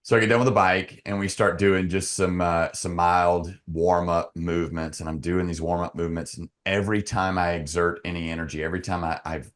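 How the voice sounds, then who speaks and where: Very deep-voiced man telling his story. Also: steady tone. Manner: earnest, halting with frequent restarts. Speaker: podcast guest. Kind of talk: emotional personal storytelling.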